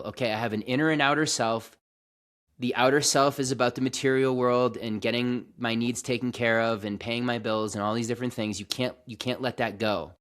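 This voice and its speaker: A man hosting a reflective spiritual monologue, earnest and slow, speaking in a calming way with frequent restarts and some casual swearing. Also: medium pitch. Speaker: host.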